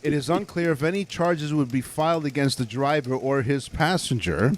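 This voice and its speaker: A man's voice: on the high side, normal speed, slight background noise. A male podcast co-host reading odd news reports aloud, adding dry asides and stumbling over words now and then. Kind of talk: comedic podcast banter, reading news items.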